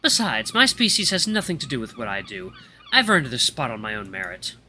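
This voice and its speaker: A man voicing a young male wolf grandmaster who lectures in a calm, monotone way. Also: a little high, a little fast, a little hiss or hum, heavily acted. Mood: cool.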